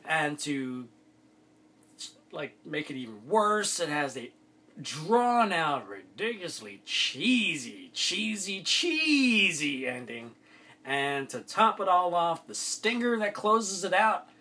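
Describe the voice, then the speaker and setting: A man's voice: on the high side, animated, slow, sharp tone. Exasperated man ranting a film review. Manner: exasperated, ranting, many fillers and restarts. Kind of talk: casual spoken film review.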